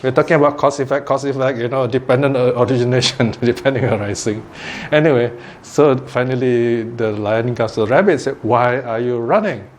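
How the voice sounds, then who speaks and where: A man giving a dharma talk, telling a parable in a lively, animated way and often laughing. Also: medium pitch, a little fast, hardly any pauses, slight background noise. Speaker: Buddhist teacher.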